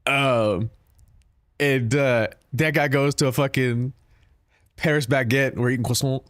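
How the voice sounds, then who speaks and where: A man's voice: mid-range voice, fairly even intonation, unhurried, a bit bright, no echo, studio quality. Profane joking male streamer. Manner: profane, joking, talks back to chat. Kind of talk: casual stream chat with viewers.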